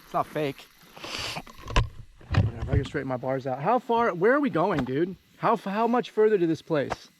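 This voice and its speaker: A man's voice: on the high side, big pitch swings, moderate pace, background noise. A man bantering sarcastically with a riding mate outdoors on a dirt trail. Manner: sarcastic, teasing, mocking impressions of his mate. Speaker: vlogger riding dirt bikes. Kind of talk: casual banter between riding mates.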